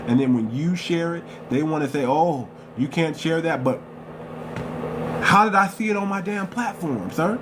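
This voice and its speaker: A man hosting a livestream, fired up and confrontational, hammering the same phrases over and over. His voice sits a little high for a man. Steady noise hums behind him. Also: normal speed. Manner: confrontational, repeats phrases for emphasis. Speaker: livestream host. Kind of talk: heated live-stream commentary.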